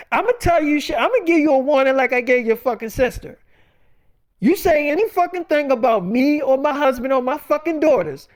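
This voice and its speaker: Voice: sits high, natural voice. A woman playing a furious, foul-mouthed aunt. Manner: profane, rapid-fire scolding. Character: furious aunt ranting at her in-laws.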